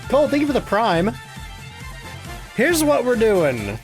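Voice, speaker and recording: A man streaming a game live, chatty and excitable as he thanks viewers and explains his play. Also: extremely high pitch, measured pace, soft background music. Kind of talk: live gameplay commentary.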